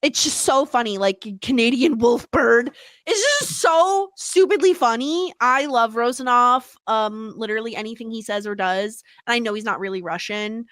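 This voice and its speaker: Bubbly young woman cohosting a podcast, kinda high voice, dry close mic. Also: no echo. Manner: bubbly, quick to laugh, animated. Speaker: podcast co-host. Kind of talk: casual chat.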